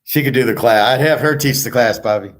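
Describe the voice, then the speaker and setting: A man with a medium-pitched voice talks quickly as he hosts his channel. It's casual, rambling conversation delivered right to the viewer.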